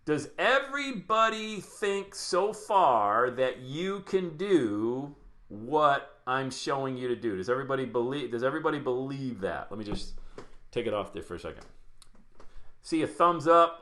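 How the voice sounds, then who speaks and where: Energetic man coaching a live webinar. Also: mid-range voice, measured pace. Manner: energetic, chatty, greets viewers by name. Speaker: podcast coach.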